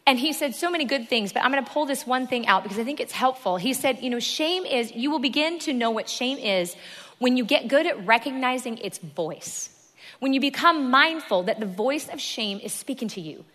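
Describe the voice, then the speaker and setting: A woman preaches from the front of a church, emphatic and repeating her key phrases. Her voice sits a little high and rings bright and clear. A long reverb trails behind her in the large hall. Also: lively intonation, fairly quick. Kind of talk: sermon.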